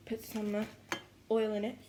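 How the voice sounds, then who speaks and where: Giggly young woman vlogging. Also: mid-range voice. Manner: rambling, giggly, full of "like" and "literally". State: tired, yawning. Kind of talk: casual chatty vlog while cooking. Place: home kitchen, indoors. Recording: echoey room with faint background noise.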